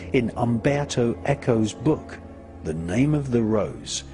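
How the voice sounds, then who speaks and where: A man giving scripted documentary narration in a measured, deliberate way, his phrases falling at their ends. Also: mid-range voice. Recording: voice-over with clear background music.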